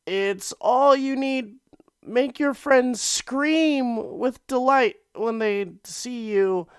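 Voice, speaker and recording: A man's voice: drawn-out words, clean tone, no room sound, studio quality, heavily acted. A man doing a panicky stammering intern. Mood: nervous pleading. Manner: stammering, pleading, flustered ad pitch. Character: panicky young male intern pitching acne cream. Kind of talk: comedic fake commercial skit.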